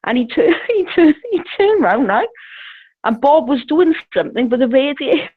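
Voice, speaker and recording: A woman tells a long, rambling story with plenty of laughter and swearing. Her raised voice swoops up and down in lively bursts. It comes through a dry, tinny phone line. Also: sits high, moderate pace, no echo. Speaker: caller telling a story. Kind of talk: casual storytelling chat.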